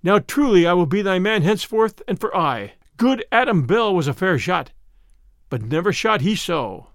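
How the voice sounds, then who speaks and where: A man's voice: high-pitched, sing-song, moderate pace, no room sound, studio quality. A man voicing a big, proud outlaw stranger in old-fashioned formal speech for a storybook reading. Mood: gruff.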